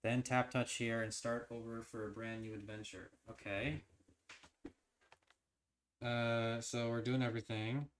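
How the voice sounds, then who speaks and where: On a livestream, a man reads an interactive horror novel aloud in an unhurried, medium-pitched voice with long pauses, and a little background noise is audible. He sometimes trips over words and starts again, then breaks off to theorize with excitement.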